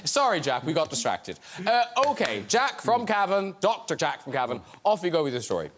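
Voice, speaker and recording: A man hosting a studio chat show, teasing and quick-witted, laughing often. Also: on the high side, big pitch swings, fairly bright tone. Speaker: talk show host. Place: TV studio with live audience.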